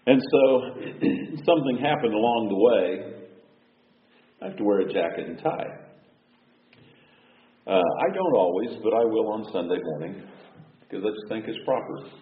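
Folksy low-voiced male preacher. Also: very animated, moderate pace, pauses often, distant mic. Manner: folksy, conversational, clears throat often. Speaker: pastor. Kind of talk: sermon. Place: church sanctuary. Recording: echoey hall over a thin phone-like line.

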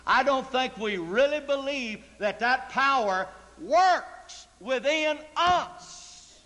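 A man's voice: very high voice, expressive, slow pace, bright, forceful tone. A man preaching a sermon in a church, emphatic and full of rhetorical questions to the congregation. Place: church sanctuary. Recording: long church reverb.

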